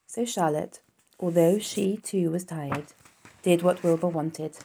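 A woman reading a children's novel aloud in a calm, steady storytelling voice. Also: on the low side, slow, gravelly, slight background noise.

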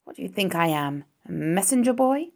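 A woman voicing a grumbling, greedy male rat in a storybook reading, gruff and put-upon. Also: deep voice, lively intonation, fairly quick.

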